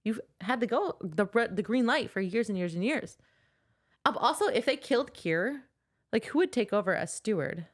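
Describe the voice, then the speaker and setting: A woman's voice: fairly high pitch, moderate pace. Woman animatedly retelling a book plot. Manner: animated retelling, acts out quotes. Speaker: podcast co-host. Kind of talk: casual book-club chat.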